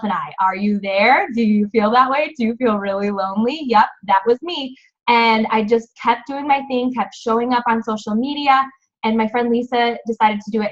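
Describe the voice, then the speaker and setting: Woman host on a video call, rambling, upbeat pep talk, slightly high voice, lo-fi audio. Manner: chatty, encouraging, rambling. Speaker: fitness team coach hosting a call.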